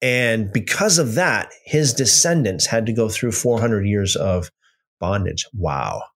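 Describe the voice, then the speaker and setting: A man leading a casual Bible study, reading passages aloud and commenting with animated repetition. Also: fairly low pitch, unhurried. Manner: animated, repeats phrases for emphasis.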